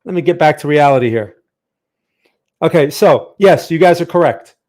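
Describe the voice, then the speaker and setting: A man's voice: a little high, normal speed, a little mellow. A man hosting a live market analysis stream, chatty and tired, who often asks "right?" and talks close to a microphone. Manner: chatty, reads viewer chat aloud, asks "right?" often. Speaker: trading channel host. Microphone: close studio microphone.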